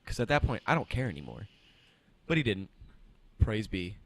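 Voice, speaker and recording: A young man with a somewhat low voice, talking with friends on a podcast. He tells his story with animation and slips into the voices of everyone in it. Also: moderate pace. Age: young adult. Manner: animated storyteller acting out quotes. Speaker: podcast co-host. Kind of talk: casual chat.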